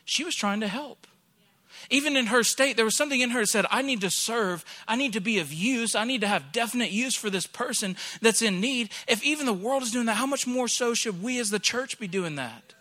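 Bright-voiced pastor telling a story. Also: male voice, very high-pitched, a little fast. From Alabama. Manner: animated storyteller, acts out the people he quotes. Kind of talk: storytelling sermon.

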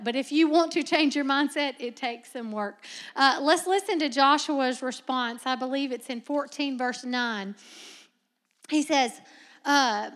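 A young woman with a high, bright voice preaches a sermon with energy and humor. She drops into soft, low asides, then rises into loud, emphatic lines, laughing often along the way. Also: normal speed.

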